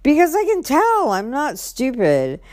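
A woman's voice: high voice, huge pitch swings, unhurried, dry recording, studio quality. A woman telling an emotional personal story in a rambling way, often repeating "I'm like" and trailing off. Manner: restarts and trails off, quiet at times. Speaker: vlogger.

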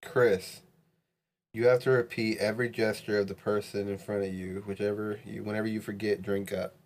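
A man's voice: lowish voice, flat delivery, moderate pace, slight background noise. Man, podcast co-host, drunk casual chat, laughs and swears often. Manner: laughing, swearing, slurring as he drinks.

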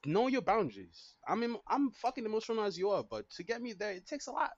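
A young man co-hosting a podcast, talking in a casual, profane, animated way and laughing often. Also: sits high, quick pace, no room sound, lo-fi sound. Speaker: podcast co-host. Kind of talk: casual chat.

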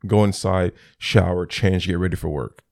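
A young man with a low, gravelly voice tells stories in loose, casual chat. He jumps into the voices of the people he talks about. The sound is close and dry, with no room around it. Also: moderate pace, dry recording. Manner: animated storyteller, acts out both sides of phone calls.

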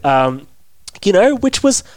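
A man's voice: sits high, sing-song, slow pace, over a noisy crowd. A young Australian man co-hosting a podcast, joking and rambling in casual chat. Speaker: podcast co-host.

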